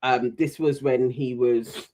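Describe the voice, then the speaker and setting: A man's voice: mid-range voice, takes it slowly. A man co-hosting a casual chat, recapping reality TV and acting out the people he quotes. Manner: animated, mimics voices when retelling scenes. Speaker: podcast co-host.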